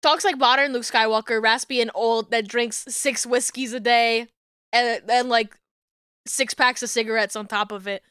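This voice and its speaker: A young woman streamer rambles through a casual chat, giggling and swearing as she goes. Her voice sits high and clean, and she takes an unhurried pace. The sound is dry and close, with no room around it. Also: fairly even intonation, fairly bright tone, clean tone, dry recording.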